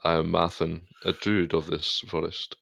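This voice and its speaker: A man's voice: low-pitched, monotone, normal speed, creaky, fairly bright tone, no room sound, studio quality, heavily acted. A man voicing a stiff, formal and grumpy forest druid.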